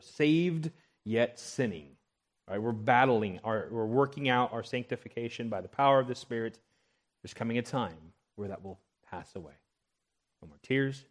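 Male pastor, sermon delivery, scripture reading, conversational check-ins. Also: medium pitch. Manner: expository preaching, checks in with "right?"; reads scripture aloud with rising emphasis.

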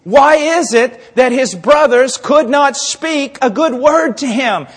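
A male preacher delivering a dramatic sermon, swinging between hushed asides and shouting, acting out little scenes with voices. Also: very high voice, animated, takes it slowly, hardly any pauses, breathy edge. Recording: long reverb of a large hall.

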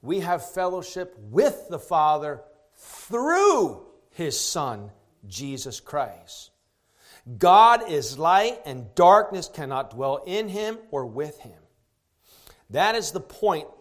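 A man preaching an expository sermon, asking rhetorical questions and slowing down to stress key phrases. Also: a little high, big pitch swings. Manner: emphatic, slows down to stress key words.

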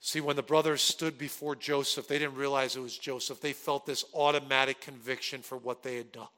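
A pastor preaching a sermon and telling a personal story, swinging from loud animated peaks to hushed earnest moments. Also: male voice, medium pitch, a little fast, big-room sound.

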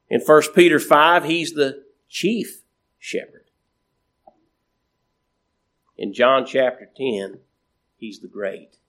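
A man delivers a sermon in a mid-range voice, his slow, repetitive cadence punctuated by emphatic rises, with phrases that trail off quietly at the end.

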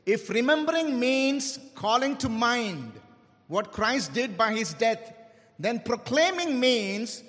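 A man preaching a sermon, stressing key words and slowing down for emphasis. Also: very high-pitched, big pitch swings, a bit bright. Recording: long hall reverb.

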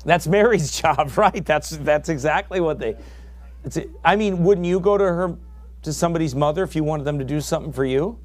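A man preaching a sermon with real fire behind it. His voice sits somewhat high for a man and climbs into shouts when he drives a point home. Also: fairly quick. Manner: fiery, rising to shouts.

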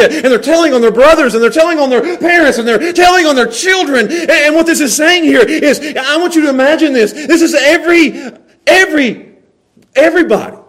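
High-voiced pastor preaching a sermon. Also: male voice, animated, brisk. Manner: repeats words, swings from loud emphasis to low quiet stretches.

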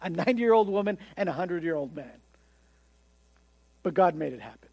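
A man delivers a sermon with a high, lifted voice. He is animated, slipping into the voices of the people he quotes and stumbling over repeated words as he gets carried along. The sound is dry and close, with no room around it. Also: a little fast, slightly rough, no room sound. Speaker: pastor.

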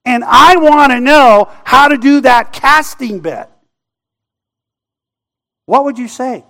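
A man's voice: extremely high pitch, takes it slowly, sharp tone. A man preaching a sermon in a conversational way that builds to impassioned pleading. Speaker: pastor.

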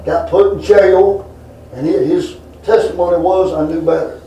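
A man's voice: high-pitched, steady tone, moderate pace, dark tone, far from the mic, slight background noise. A middle-aged man preaching a folksy sermon to a responsive congregation. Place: church sanctuary. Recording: echoey church room.

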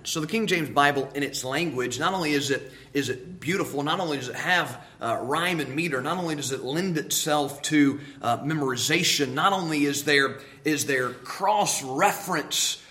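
A man's voice: a little high, bright, forceful tone. A man preaching a sermon, emphatic, repeating key words and asking rhetorical questions.

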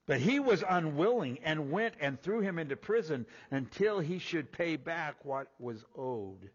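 A man preaching a sermon, reading scripture in a raised voice and dropping low and quiet to explain it. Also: sing-song, unhurried, slightly rough. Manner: rises loud and high when reading scripture, drops low and quiet when explaining. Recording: dull sound with long hall reverb.

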